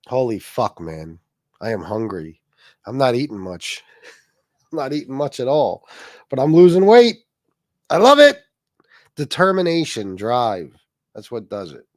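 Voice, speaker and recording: A man's voice: medium pitch, no room sound. A man hosting a casual livestream, rambling, swearing freely and reacting to chat comments. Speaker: livestream host.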